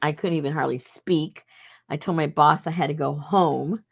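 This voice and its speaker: A woman with a low, gravelly voice spins a long personal story in a loose, chatty way. She laughs often as she talks. The recording sounds dull and lo-fi. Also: fairly even intonation, moderate pace. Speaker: journaling channel host. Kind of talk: casual storytelling.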